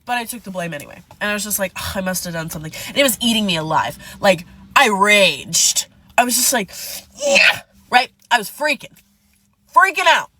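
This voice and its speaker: A woman with a bright, forceful voice tells a messy personal storytime, dramatic and profane. Her voice is recorded dry and close. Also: medium pitch, animated, brisk, no room sound. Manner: dramatic, profane, addresses viewers as "divas". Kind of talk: casual storytime.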